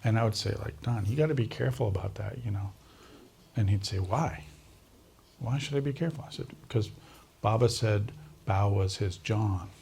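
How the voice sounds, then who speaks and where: A man guest in an interview, telling a long personal story with lively quoted dialogue and frequent laughter. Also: lowish voice, moderate pace, gravelly, a little hiss or hum. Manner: animated anecdotal storyteller, mimics other speakers, laughs often. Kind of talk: storytelling in a recorded conversation.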